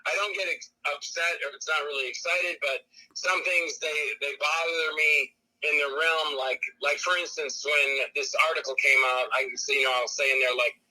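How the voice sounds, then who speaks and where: Middle-aged male guest, husky and forceful, animated rambler. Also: a little high, normal speed, low-quality recording. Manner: rambling, acts out quoted voices. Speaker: guest filmmaker and actor. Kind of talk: animated casual interview talk.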